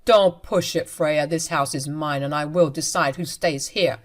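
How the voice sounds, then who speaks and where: Brief: woman voicing a domineering husband in a story reading, harsh and loud, lowish voice. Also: a little slow. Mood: angry. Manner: harsh and commanding. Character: angry controlling husband, adult man.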